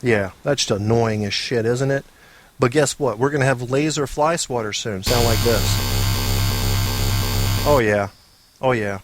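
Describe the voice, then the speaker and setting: A man's voice: mid-range voice, moderate pace, music in the background. Rambling man hosting a solo show. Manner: rambling, dry self-mocking humor, casual swearing. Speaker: podcast host. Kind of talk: casual solo monologue.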